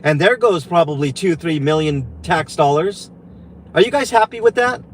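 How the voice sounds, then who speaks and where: A furious man rants and swears on a livestream from behind the wheel, his voice pitched high for a man. Faint road noise hums under the talk in the car. He drips with sarcasm and sounds worked up. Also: expressive, normal speed, poor audio. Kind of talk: angry livestream rant. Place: in a car while driving.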